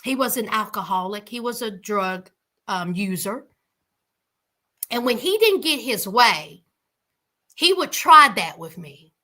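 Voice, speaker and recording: A woman's voice: fairly high pitch, unhurried, sharp tone. A woman giving outspoken reaction commentary on a reality show, calling her viewers honey.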